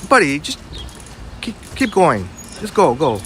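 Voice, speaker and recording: Man with a high voice, blunt and chatty, live-stream host on a city street, faint traffic behind. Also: huge pitch swings, unhurried, a bit bright. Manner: blunt, self-described hothead; chatty, reads out and answers chat. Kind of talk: casual walking live stream, chatting with viewers. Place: outdoors on a city sidewalk.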